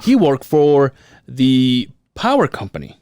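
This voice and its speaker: A man's voice: medium pitch, huge pitch swings, takes it slowly, darkish tone, no room sound, clean studio sound. A man in his thirties, a podcast co-host, telling a profane story in casual chat and acting out the quotes. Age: 30s.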